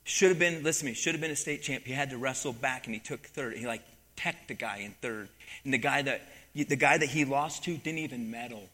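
A man preaching a sermon, telling a story from his coaching days with animated emphasis and acted-out quotes. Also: medium pitch, brisk. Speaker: pastor and former wrestling coach. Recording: long hall reverb.

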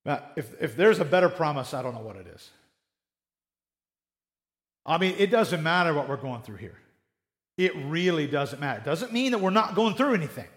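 A man preaching a sermon in a conversational, animated way, acting out little quoted exchanges. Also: fairly high pitch, normal speed, pauses often.

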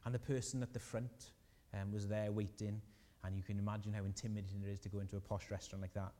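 A man preaches a sermon with a warm, mellow tone. He speaks earnestly and lifts his voice on key lines. The church hall rings with long reverb around him. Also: fairly low pitch, level tone, quick pace. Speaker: pastor.

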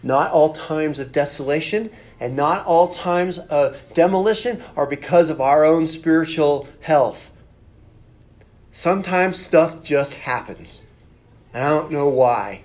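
A pastor giving a conversational sermon, earnest and plain-spoken, with rhetorical questions and repeated phrases. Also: male voice, fairly high pitch, lively intonation, slow pace, darkish tone.

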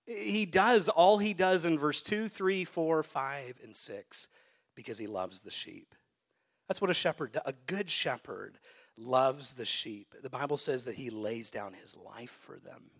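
A man who is a pastor, preaching a sermon to a congregation and swinging between hushed, soft phrases and loud, emphatic peaks. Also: a little high. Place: church sanctuary.

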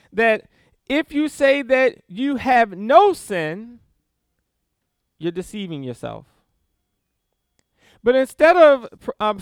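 A man's voice: extremely high pitch, smooth, dry recording, studio quality. A man preaching a sermon, reading scripture aloud with emphatic stresses and small laughs.

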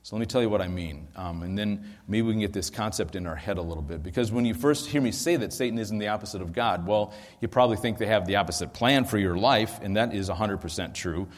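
A man's voice: fairly low pitch, fast, hardly any pauses, big-room sound. A male pastor teaching a sermon into a microphone, explaining in a conversational way with frequent ums and asides.

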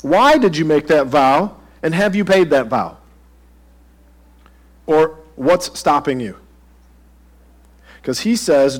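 A man's voice: fairly high pitch, unhurried, pauses often, husky. A pastor preaching a sermon to his congregation in a conversational way, asking them direct questions.

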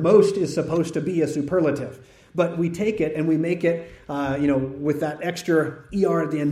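A man preaching an expository sermon, teaching in a conversational way that grows animated when he tells a story. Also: fairly high pitch, normal speed. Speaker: pastor. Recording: roomy hall echo.

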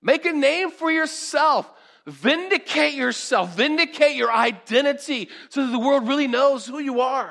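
A wheedling devil, a male tempter who coaxes and urges with theatrical push, as a preacher puts him on. The voice sits very high and gets louder and more insistent than the speaker's usual talk. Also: normal speed, gravelly, full character voice. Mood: coaxing.

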